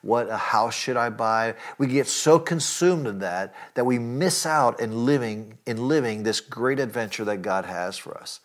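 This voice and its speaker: A man preaching a sermon, earnest and emphatic, often asking his listeners direct questions and filling pauses with "uh" and "you know". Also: medium pitch, animated. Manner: earnest preaching with rising emphatic lines and frequent fillers. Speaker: pastor.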